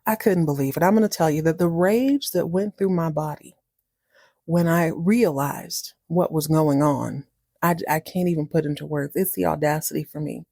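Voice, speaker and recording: A woman's voice: low voice, normal speed, vocal fry, no echo, studio quality. Chatty woman recapping TV episodes. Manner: animated, indignant, chatty. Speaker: podcast host.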